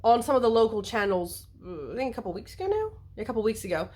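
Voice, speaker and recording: A woman talks straight to camera in a loose, playful vlog monologue, drifting through asides and acting out bits of other people's speech. Her voice sits a little high for a woman. She sounds animated and unscripted throughout. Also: fast talker, husky. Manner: playful and animated, acts out quotes, rambling asides. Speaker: vlogger. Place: lives in the United States.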